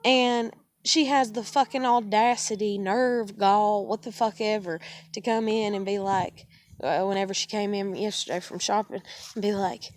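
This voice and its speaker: A woman's voice: mid-range voice, fairly even intonation, moderate pace. A woman venting at length in a casual video monologue, angry and swearing freely. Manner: angry, profane ranting. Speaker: vlogger. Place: living room at home.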